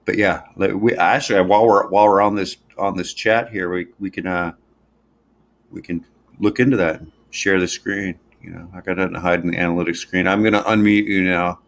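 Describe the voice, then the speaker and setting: A man's voice: deep voice, steady tone, creaky. A man hosting a live stream, chatting casually and muttering to himself as he clicks through screens. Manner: rambling, halting, talks to himself while clicking around. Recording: noisy home stream audio.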